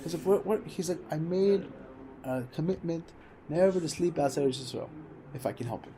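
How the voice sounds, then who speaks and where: A man's voice: fairly high pitch, brisk, dark tone, slight background noise. A man giving an informal Torah class, telling stories and repeating phrases for emphasis. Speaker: Torah teacher.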